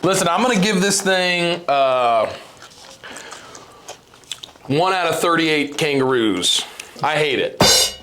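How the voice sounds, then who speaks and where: A man with a lively, swooping voice that sits a bit high, ranting and joking his way through a casual snack tasting. His complaints are loud and exaggerated. A faint hiss of noise sits under the recording. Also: slow pace, long pauses. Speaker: channel host tasting snacks.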